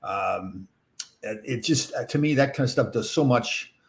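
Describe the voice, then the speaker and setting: A man's voice: medium pitch, moderate pace, gravelly. A middle-aged man hosting a podcast, chatting casually and answering listener questions, rambling with lots of fillers and laughing often. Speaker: podcast host.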